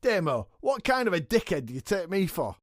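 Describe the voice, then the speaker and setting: Boastful comic wrestler. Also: male voice, sits high, big pitch swings, no room sound, studio quality. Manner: dim-witted, boastful, quick to laugh and swear. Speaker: comic co-host in character as a wrestling champion. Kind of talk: scripted comedy podcast dialogue.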